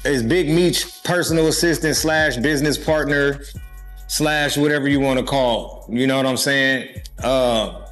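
A man recounting events in a laid-back podcast conversation, slipping into the voices of the people he quotes. His pitch sits in an ordinary middle range. Faint music runs underneath. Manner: relaxed storyteller who acts out quoted voices. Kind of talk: storytelling in casual podcast chat.

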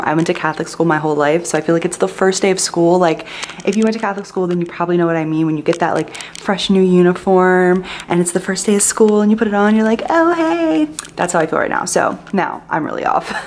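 Young woman, twenties, excitable casual vlog, phone mic at arm's length, faint background hiss. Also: lowish voice, fast talker. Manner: bubbly, excitable, chatty. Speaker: vlogger.

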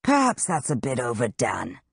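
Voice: mid-range voice, wildly swooping pitch, normal speed, vocal fry, breathy edge, no room sound, studio quality, heavily acted. A reader voicing a teasing young wizard. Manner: teasing and showy. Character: smooth, playful young male wizard. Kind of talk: audiobook character reading.

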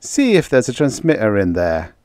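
A man's voice: on the low side, huge pitch swings, moderate pace, darkish tone, no room sound. Male narrator playing a cold, bored, sneering governor; raised, barking, dry-recorded audiobook voice. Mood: cold commanding. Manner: cold and commanding. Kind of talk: audiobook character voice.

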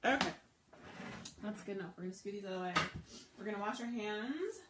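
Animated and fairly quick, a woman with a mid-range voice runs a live cooking show from her home kitchen, with background noise present. She chats away, responds to viewer comments while cooking, and raves about the food.

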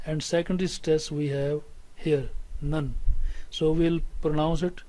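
A man with a Pakistani English accent teaching a recorded English lesson, slow and deliberate, repeating words for students to say along. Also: fairly high pitch, flat delivery, darkish tone, poor audio. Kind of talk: recorded classroom lecture.

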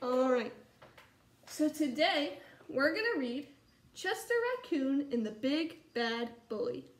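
A first grade teacher giving a recorded distance lesson, talking encouragingly to young children and reading a story aloud. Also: female voice, high voice, expressive, slow, echoey room.

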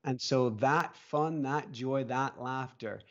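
A man's voice: mid-range voice, takes it slowly, dull audio. A man co-hosting a casual chat, telling stories with lots of laughter. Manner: animated storyteller, laughs often. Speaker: co-host.

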